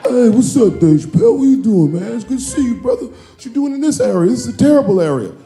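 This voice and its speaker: A man voicing a loud, overfamiliar male bodyguard who greets a visitor at a door. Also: very high-pitched, sing-song, quick pace, faint music behind, voice pushed up. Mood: boisterous.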